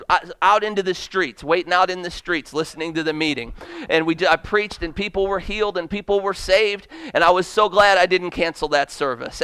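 A man's voice: high voice, pushed and bright, clear, resonant tone, no echo. A man preaching as an evangelist, telling mission stories in an earnest sermon style with frequent amens. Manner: earnest storytelling with repeated amens. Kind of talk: sermon testimony.

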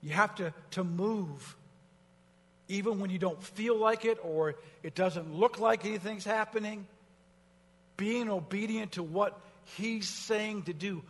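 Speaking a little slowly, this male preacher piles up repeated promises, his fervor rising as he goes. His voice is high and bright, ringing out with a long hall reverb, and casual asides break up the declarations.

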